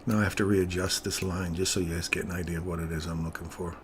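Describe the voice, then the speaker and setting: A man's voice: low-pitched, little pitch movement, fast, a little hiss or hum. A man giving casual live commentary on his market trades, chatting with viewers as he works through the charts. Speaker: trading streamer.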